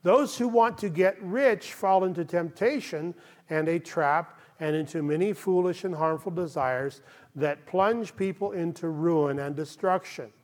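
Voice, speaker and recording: A man's voice: on the high side, unhurried. A male pastor giving a conversational sermon, often checking in with the listeners. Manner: conversational preaching, frequent "okay?" check-ins.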